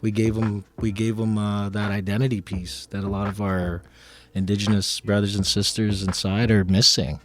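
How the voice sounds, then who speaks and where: A man's voice: on the low side, little pitch movement, normal speed. A man on a radio panel, telling a story and acting out the quoted dialogue. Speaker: panelist and ceremony helper.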